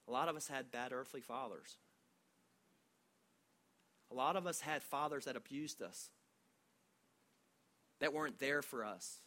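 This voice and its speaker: A man in his forties preaching a sermon to his church in a conversational, storytelling way, with frequent halting restarts. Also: medium pitch, a bit bright. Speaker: pastor.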